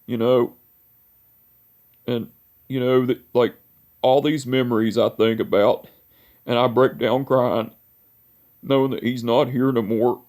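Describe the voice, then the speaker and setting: A man's voice: medium pitch, little pitch movement, unhurried, pauses often, darkish tone. Heartfelt young man, rambling memories. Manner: rambling, repeats "I said" and "you know"; emotional, heartfelt. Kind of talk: personal memorial vlog, storytelling.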